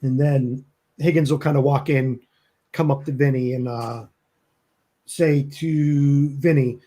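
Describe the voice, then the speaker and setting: A man's voice: medium pitch, fairly even intonation, slow pace, dark tone. A man narrating as game master in a loose, chatty way, laughing often.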